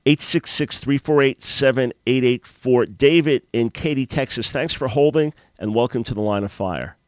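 A man hosting a call-in radio show and telling a story in an animated, preacherly way, jumping high and loud when he acts out his own thoughts. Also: moderate pace, no echo. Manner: animated, jumps to a much higher, louder voice when acting out his own past thoughts; preacherly, emphatic.

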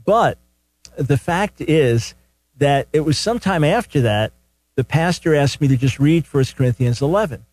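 A man's voice: on the high side, expressive, moderate pace, darkish tone, no echo. An older man hosting a call-in radio show, teaching from the Bible in an earnest, conversational way and often repeating words as he starts a sentence. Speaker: radio talk show host. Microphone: studio microphone.

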